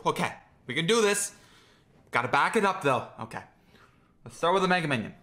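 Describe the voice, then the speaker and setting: A young man giving excitable, jokey running commentary on his own gameplay, talking to himself as he plays. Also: on the high side, brisk. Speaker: gaming creator.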